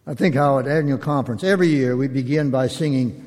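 An older man, a pastor, giving a slow and reflective sermon in measured, drawn-out phrases. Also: medium pitch, a little mellow. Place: church sanctuary. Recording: long reverb of a church hall.

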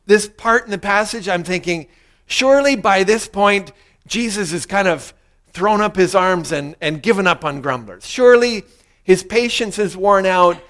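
A pastor delivers a heartfelt sermon in a voice pitched noticeably high for a man, walking the audience through a short repeat-after-me prayer. He sounds expressive and fairly bright, speaking at a moderate speed.

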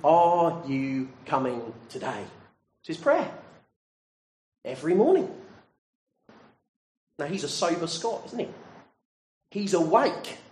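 Man, preacher, sermon, raised voice, animated pitch, echoey room. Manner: earnest, direct questions to listeners. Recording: roomy echo.

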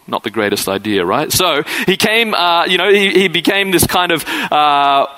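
Man, pastor, casual sermon, bright tone, slightly high voice, acts out the characters. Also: expressive, normal speed, rough recording. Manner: conversational preaching, acts out quoted figures.

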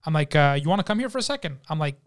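Animated, higher-pitched man telling a story. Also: racing. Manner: animated, profane, acts out the people in his story. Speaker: podcast guest. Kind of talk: casual storytelling. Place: podcast studio.

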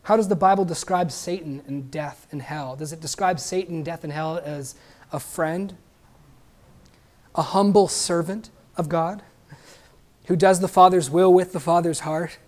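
A man's voice: a little high, a little slow, a little mellow. Emphatic male preacher. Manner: emphatic, with rhetorical questions and asides to the congregation. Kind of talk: sermon.

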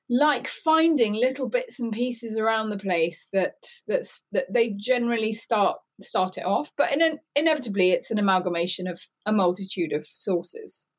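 Thoughtful woman designer guest. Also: medium pitch. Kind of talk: interview answers.

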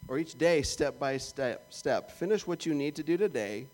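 A man's voice: a little high, animated, normal speed, darkish tone, soft background music. A man with a Canadian accent preaching a sermon in a conversational, joking way, acting out little prayers and asides. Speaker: pastor.

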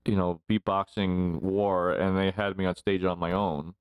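Man, forties, low smooth voice, rambling storyteller, dry close sound. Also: flat delivery, moderate pace, no echo. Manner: rambling, laughs often while telling stories. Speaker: guest. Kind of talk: casual storytelling interview.

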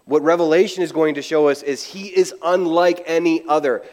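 A man's voice: a little high, steady tone, fairly quick, darkish tone, long reverb tail. A male pastor preaching in a conversational way, acting out quotes and restarting his sentences. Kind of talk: sermon.

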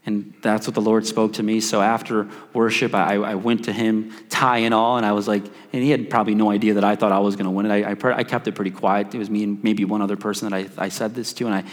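A pastor telling a personal story in a sermon, animated and acting out his own thoughts. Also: lowish voice, quick pace, hardly any pauses, big-room sound.

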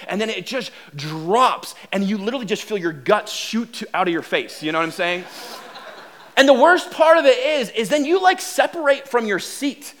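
A man telling a self-mocking personal story as a sermon, animated and full of restarts. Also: high-pitched, normal speed.

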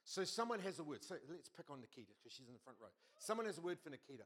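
Animated New male pastor preaching. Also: a little high, very fast, breathy edge. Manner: animated storytelling with quoted voices. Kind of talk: sermon.

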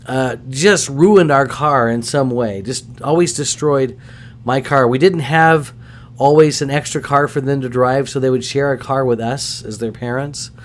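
A middle-aged man hosting a podcast, telling stories casually in an animated, self-deprecating way. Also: mid-range voice, a little slow. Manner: animated, self-deprecating, acts out voices in anecdotes. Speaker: podcast host. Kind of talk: casual storytelling.

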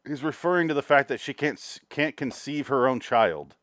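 A man co-hosting a casual movie-review chat with sardonic, deadpan jokes and some swearing. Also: medium pitch, moderate pace, no echo, studio quality. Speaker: podcast co-host.

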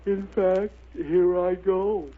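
A man voicing a pompous, lazy, cowardly gentleman who talks in long-winded genteel phrases, in 1930s radio acting. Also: high voice, fairly even intonation, takes it slowly, narrow, tinny audio. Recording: scratchy 1930s radio recording.

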